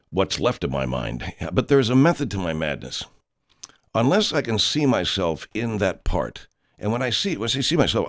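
A man playing a pompous, self-important horror film director who rambles through an anecdote and talks about himself in the third person. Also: low voice. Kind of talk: comedic character monologue.

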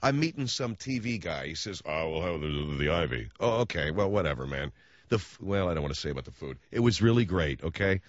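A deep-voiced man hosts a radio talk show, speaking quickly as he rants through rambling comic tales on air, dropping sarcastic asides throughout. The studio audio is dull, with no echo.

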